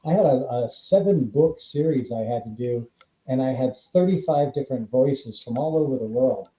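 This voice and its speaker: Dark-voiced man telling lively stories. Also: medium pitch, normal speed. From California. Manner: animated storyteller, acts out quoted voices. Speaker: guest actor and author. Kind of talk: casual interview chat. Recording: dull, roomy remote audio.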